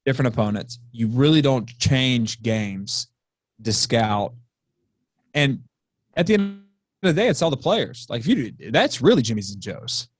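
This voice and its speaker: A man, a high school football coach, talking bluntly and swearing freely as a podcast guest over a remote call. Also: lively intonation, moderate pace, no echo, studio quality. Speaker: football offensive coordinator, guest. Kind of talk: casual podcast chat.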